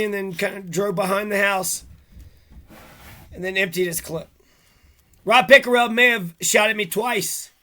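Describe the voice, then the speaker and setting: High-pitched man in a profane rant. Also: sharp tone. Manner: agitated, profane, rambling rant. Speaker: vlogger. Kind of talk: monologue to camera.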